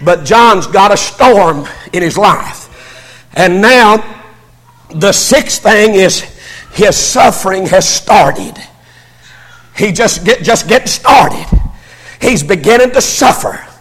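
An older pastor preaches with fervor, often rising to a shout and tripping over restarts. His voice sits high for a man and has a husky grain. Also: expressive, takes it slowly, pauses often, long reverb tail. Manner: fervent preaching that swells into shouting, with many stammered restarts. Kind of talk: sermon.

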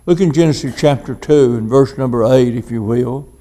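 A man's voice: medium pitch, moderate pace, mellow. A man preaching an informal sermon, folksy and rambling. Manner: folksy, rambling, frequent "and things".

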